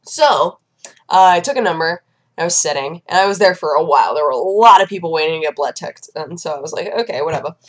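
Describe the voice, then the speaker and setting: A woman's voice: deep voice, animated, fast talker. A woman in her twenties chatting casually on her vlog, telling stories and acting out the people she met. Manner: chatty storyteller who acts out the people she describes. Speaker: vlogger. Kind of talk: casual chat.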